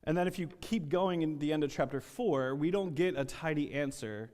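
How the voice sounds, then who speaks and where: A man's voice: on the high side, normal speed, few pauses, a little mellow. A man preaching a sermon, telling a story with acted-out quotes and some repeated words. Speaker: pastor. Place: church sanctuary. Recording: long reverb of a church hall.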